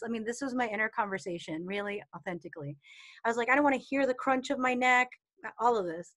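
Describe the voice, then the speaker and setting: A woman's voice: a little high, fast talker. A woman coaching on intuition in a casual teaching talk, expressively acting out inner voices and quoted people. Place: online community replay session.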